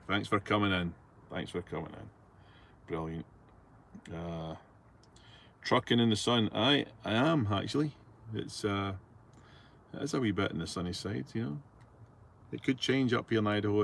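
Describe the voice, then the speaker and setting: Chatty Scottish trucker, easygoing and low. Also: male voice, expressive, moderate pace, vocal fry, a little hiss or hum. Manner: chatty, easygoing, rambling with many fillers. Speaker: truck driver reading viewer messages. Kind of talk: casual chat while driving. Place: truck cab on the road.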